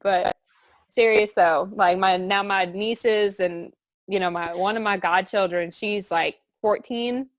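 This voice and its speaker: A woman's voice: medium pitch, steady tone, takes it slowly, dry recording. Earnest young woman. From southern Louisiana. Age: young adult. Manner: earnest, heartfelt, rambling. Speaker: student giving a testimonial. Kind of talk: candid testimonial chat.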